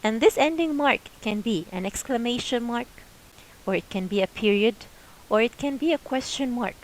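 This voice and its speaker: A woman English teacher giving a lesson, speaking slowly and repeating questions and examples. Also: a little high, animated, low-quality recording. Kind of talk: classroom lesson.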